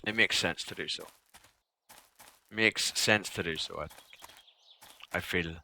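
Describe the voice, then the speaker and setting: A man's voice: sits low, measured pace, creaky, pushed and bright, slight background noise. A young man streaming a survival game live, chatting casually, swearing now and then, grumbling at the game and answering his chat. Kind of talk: live gameplay commentary.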